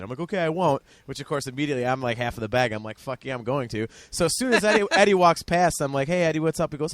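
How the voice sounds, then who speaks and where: A man telling excited, profane, rambling stories in a casual podcast chat. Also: medium pitch, rapid-fire, hardly any pauses, no room sound. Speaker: podcast guest.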